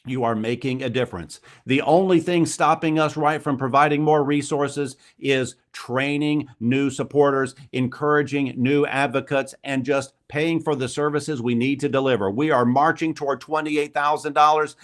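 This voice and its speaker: A man hosting a live fundraising appeal at a virtual gala, rallying donors with high energy and calling out names as gifts come in. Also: fairly even intonation, moderate pace, hardly any pauses. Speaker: fundraising auctioneer host.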